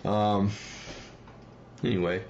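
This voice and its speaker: A man from New Jersey hosting a casual livestream, rambling and heated, with many fillers and quick apologies. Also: fairly low pitch, little pitch movement, a little mellow, dull audio, slight background noise. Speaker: livestream host.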